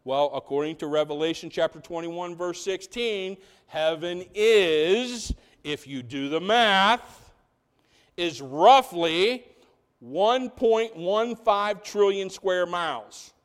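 A man's voice: sits high, slow, clear, resonant tone. A man preaching a sermon in a church, full of rhetorical questions and building emphasis. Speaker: pastor. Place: church sanctuary.

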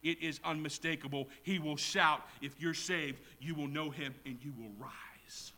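A man preaching a sermon in a church, swinging from quiet asides to loud shouted quotes. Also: fairly high pitch, fairly even intonation, unhurried. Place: church with congregation.

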